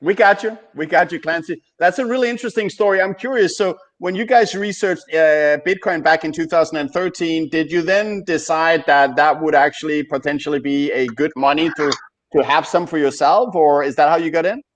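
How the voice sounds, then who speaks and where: Brief: male podcast host, fairly high voice, friendly, self-deprecating, casual. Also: a little fast. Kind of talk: casual chat.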